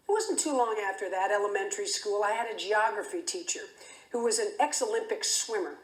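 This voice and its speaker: A woman giving a keynote speech, telling a story in a vivid, dramatic way. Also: a little high. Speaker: keynote speaker. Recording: echoey hall.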